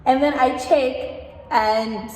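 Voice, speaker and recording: A woman's voice: high-pitched, slow pace, a little mellow. A woman from Africa, animatedly telling a personal story as a guest and laughing as she talks. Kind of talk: casual storytime chat. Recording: echoey room with long reverb and faint background noise.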